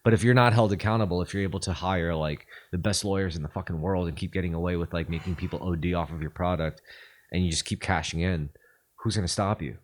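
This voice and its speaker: A man's voice: deep voice, quick pace. A man hosting a podcast, talking casually and profanely, rambling with lots of fillers. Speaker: podcast host.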